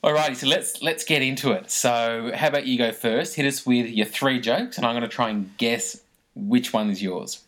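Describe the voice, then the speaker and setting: A man's voice: mid-range voice, moderate pace. A man hosting a casual podcast, laughing often between lines. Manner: laughs often, lively delivery. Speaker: podcast host.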